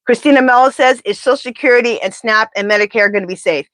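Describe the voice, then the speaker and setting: A woman doing a live pendulum reading, talking in an animated, indignant, chatty way. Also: on the high side, quick pace, no room sound. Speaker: tarot reader.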